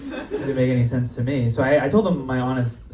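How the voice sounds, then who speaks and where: Fast-talking and dark-toned, a young man with a mid-range voice and little pitch movement performs casual, profane stand-up in a club, laughing at his own jokes. The live crowd laughs and cheers, with roomy distant-mic sound and slight background noise.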